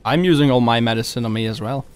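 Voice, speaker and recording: A man casually chatting during a co-op game, jumping between loud excited yelps and low mumbling. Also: fast, smooth, no echo. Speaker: gamer playing co-op. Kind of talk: casual co-op gameplay banter.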